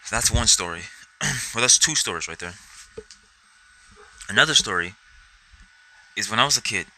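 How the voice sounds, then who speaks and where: A man's voice: lowish voice, expressive, normal speed, bright, forceful tone, poor audio. A young man telling a rambling personal story to camera, swearing constantly and acting out his own reactions. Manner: rambling, heavy swearing, acts out quotes. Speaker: vlogger.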